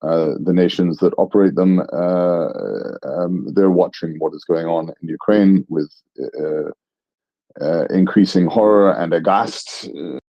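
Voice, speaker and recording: A man's voice: sits low, fairly even intonation, measured pace, no room sound. A man talking casually on a live audio panel, rambling and self-deprecating as he analyzes events. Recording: muffled online audio stream.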